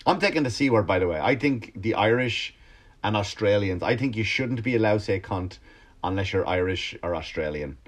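A male comedian on a podcast ranting in a casual, animated monologue, swearing freely and restarting his sentences. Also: fairly low pitch, brisk.

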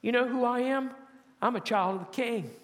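High-voiced preaching man in a reverberant hall. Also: normal speed. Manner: emphatic preaching, swelling louder on key phrases; drops to soft low tones to close a point. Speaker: pastor. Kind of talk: sermon.

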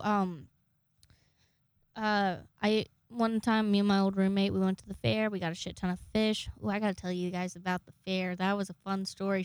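A woman's voice: medium pitch, clean tone, dry recording, studio quality. A young woman in her twenties telling rambling, jokey, profane stories to camera in a casual vlog. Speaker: vlogger.

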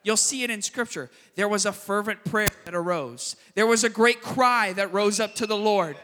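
A man preaching a sermon as pastor, telling the story with sudden loud emphasis and quiet, quick asides. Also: high-pitched, long reverb tail. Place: church sanctuary.

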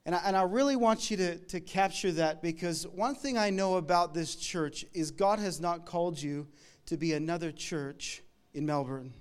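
A man from Canada preaching a sermon, telling a story in a conversational way with quick asides to the congregation. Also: on the high side, smooth. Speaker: pastor.

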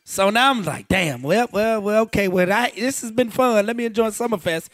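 A man telling a lively radio story, acting out quotes with shouts and laughs. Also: high-pitched, normal speed, no echo, studio quality. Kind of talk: animated storytelling.

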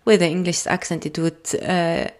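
A woman speaking English with a French accent hosts a solo podcast. Her voice sits a little low, and she talks in an easy, reflective way, often pausing on fillers and restarting her words. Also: little pitch movement. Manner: thoughtful, gentle, with frequent fillers and restarts. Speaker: podcast host. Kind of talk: casual solo podcast talk.

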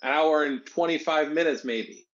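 A man's voice: fairly high pitch, normal speed, muffled recording. A man co-hosting a casual podcast, easygoing and hesitant, often restarting his sentences. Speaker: podcast co-host.

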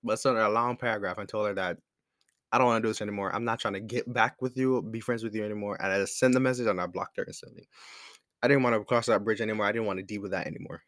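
A man's voice: fairly low pitch, fairly even intonation, racing, fairly bright tone, no echo, clean studio sound. Candid young man telling a story. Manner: candid, rambling, self-correcting, slangy. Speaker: podcast host. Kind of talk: casual storytelling monologue. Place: room with a squeaky chair.

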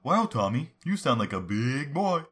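A man doing a goofy creature voice, sing-song, over-friendly to kids, bright and ringing. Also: mid-range voice, big pitch swings, moderate pace, breathy edge, pitched above the performer's own voice. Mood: gleeful. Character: goofy cheerful male creature who charms children.

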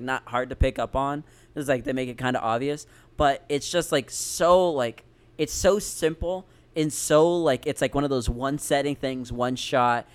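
A man's voice: medium pitch, smooth. A man co-hosting a podcast in casual chat, enthusiastic and swearing freely. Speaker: podcast co-host.

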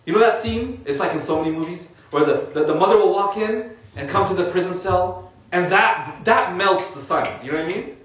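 A man's voice: high voice, a little fast, fairly bright tone, slight background noise. A man giving an informal religious talk in a conversational way, with lots of casual fillers. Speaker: religious speaker. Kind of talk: informal sermon. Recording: echoey room from a distant mic.

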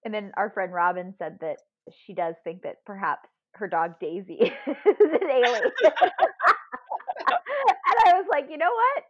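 Animated, laughing woman storyteller. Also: medium pitch, measured pace, muffled recording. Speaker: podcast co-host. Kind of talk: casual chat.

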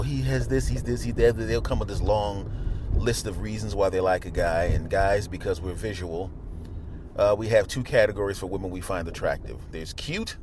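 A man hosting a podcast, telling rambling, absurd comic stories in a deadpan way while driving his car. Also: lowish voice, slight background noise. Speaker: podcast host. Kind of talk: comedic storytelling monologue.

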